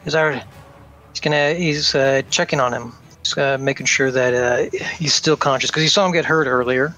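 A man playing a tabletop game over a call, thinking aloud with halting pauses. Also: mid-range voice, steady tone, bright, forceful tone, rough recording. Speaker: player.

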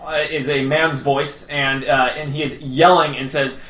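Bright-voiced male game master. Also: medium pitch, fairly even intonation, a little slow, a little hiss or hum. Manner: descriptive, with fillers. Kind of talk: narrating a tabletop game. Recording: echoey room.

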